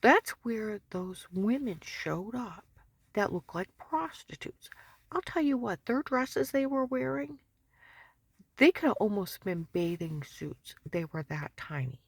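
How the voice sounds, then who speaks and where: A woman telling a rambling personal story in an agitated, repetitive way, often dropping to a breathy whisper. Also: medium pitch, sing-song, takes it slowly, no room sound.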